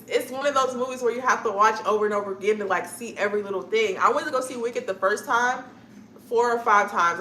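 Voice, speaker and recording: Young woman streamer, bright voice, loose rambling chat, echoey room with faint hum. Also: on the high side. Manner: rambling, chatty, laughs often. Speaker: streamer chatting with viewers. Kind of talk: casual chat to live viewers.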